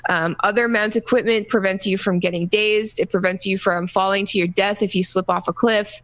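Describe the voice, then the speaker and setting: A woman co-hosting a casual gaming podcast, talking in a rambling, halting way full of restarts and fillers. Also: medium pitch, fairly even intonation, a bit bright. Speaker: podcast co-host.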